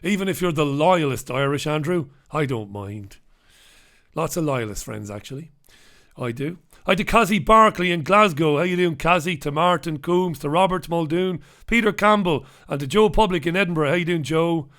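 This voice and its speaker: A chatty middle-aged man hosts a casual live stream. His voice sits a little high for a man as he jokes and greets viewers by name. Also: expressive, moderate pace, a bit bright. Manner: chatty, joking, reads out viewers' names. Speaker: host.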